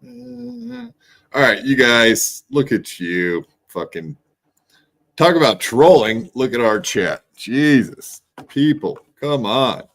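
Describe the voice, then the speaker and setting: A man's voice: mid-range voice, very animated, slow, a bit bright. A man hosting a podcast, chatting bluntly and profanely in casual commentary. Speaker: podcast host.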